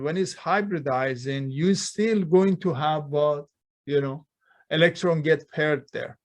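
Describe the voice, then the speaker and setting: A man teaching a chemistry class, constantly quizzing students with rhetorical questions and speaking with non-native grammar. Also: high-pitched. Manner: non-native grammar, dropped plurals and articles. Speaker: chemistry lecturer. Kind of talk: classroom lecture. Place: lecture hall.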